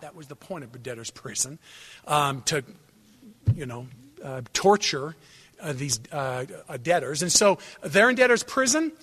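High, bright-voiced preacher in a reverberant hall. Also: male voice. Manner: animated storytelling, swings from hushed to loud. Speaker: pastor. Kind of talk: sermon.

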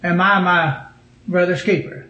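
A man's voice: high-pitched, fairly even intonation, unhurried, sharp tone, highs cut off. A male preacher, delivering a fervent sermon that builds in force and repeats its key phrases.

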